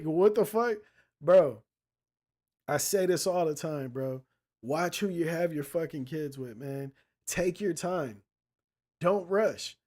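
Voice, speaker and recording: A slightly high-voiced man hosts his own casual commentary show, talking straight to the listener. He is blunt and profane, heavy on street slang, and mixes retelling a story with advice to the fellas. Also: a little mellow. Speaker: podcast host.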